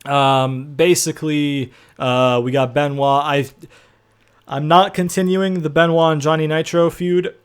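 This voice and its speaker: A man's voice: on the high side, steady tone, a little slow, clear, resonant tone. A man giving loose, profane let's-play commentary, calling listeners brother and bruh. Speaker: gaming commentator.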